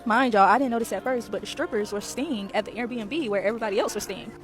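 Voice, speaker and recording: A woman recounting a story in a casual storytime. She talks quickly in a somewhat high voice, chatty and direct with her audience. She is recording at an airport. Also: soft background music. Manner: chatty, addresses viewers as y'all.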